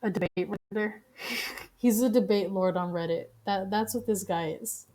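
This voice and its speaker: A woman's voice: mid-range voice, dark tone. Blunt, profane woman streamer. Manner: profane, blunt, quick to laugh. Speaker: streamer reacting to news. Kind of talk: casual live-stream commentary.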